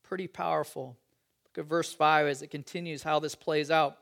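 A man preaching a sermon, reading scripture and adding chatty, joking asides in an animated way. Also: on the high side, normal speed, gravelly. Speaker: pastor.

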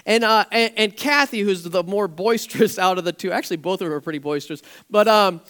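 A male pastor with a high-pitched voice delivers a casual, storytelling sermon at a brisk pace in a church. When he gets excited, he grows animated and nearly shouts.

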